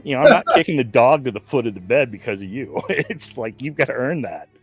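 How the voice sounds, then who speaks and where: A man's voice: medium pitch, very animated, brisk, slightly rough. A man co-hosting a casual live-streamed chat, telling stories and chuckling at his own points. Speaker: livestream co-host.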